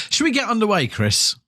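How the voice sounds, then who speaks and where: A man's voice: sits high, sharp tone, no echo, studio quality. A man co-hosting a podcast, telling a rambling, self-mocking story in casual chat, with lots of ums. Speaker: podcast co-host.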